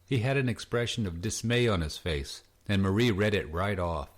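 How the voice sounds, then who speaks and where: A man narrating an audiobook in a calm, steady reading voice. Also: lowish voice, normal speed. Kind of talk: scripted narration.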